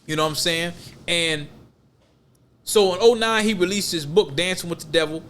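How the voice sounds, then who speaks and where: A man's voice: fairly high pitch, moderate pace, a bit bright. A man co-hosting a podcast, talking in a loose, rambling, emphatic way full of slang. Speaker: podcast co-host. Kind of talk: casual podcast chat.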